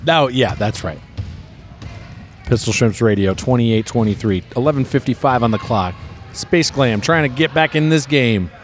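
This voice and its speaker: A man's voice: mid-range voice, normal speed, faint music behind. A man giving comedic play-by-play commentary on a basketball game, jokey and riffing between calls.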